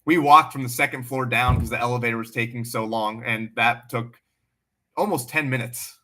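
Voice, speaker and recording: Male livestream host, bright forceful tone, blunt and animated, swears freely, casual off-the-cuff chat. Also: medium pitch, moderate pace.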